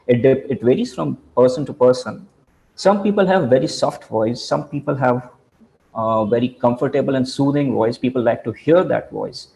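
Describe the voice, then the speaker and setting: A man walks through his slides in a lecture, and his voice has a gravelly edge. He talks haltingly, starting over and filling gaps as he goes. His pitch sits in the middle range. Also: darkish tone, poor audio. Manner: halting, with many fillers and restarts. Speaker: presenter.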